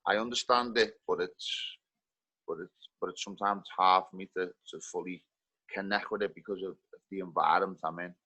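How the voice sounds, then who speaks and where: Low-voiced liverpool guy on a video call, dry close sound, lots of restarts. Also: fairly even intonation, bright, forceful tone, slightly rough, no echo, rough recording. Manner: halting, earnest, many restarts. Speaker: community participant. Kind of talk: casual group video call.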